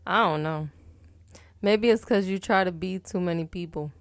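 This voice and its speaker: A woman's voice: fairly low pitch, dry recording. A woman co-hosting a casual podcast chat, talking frankly and at length. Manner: frank, talkative, fast trailing asides. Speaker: podcast co-host.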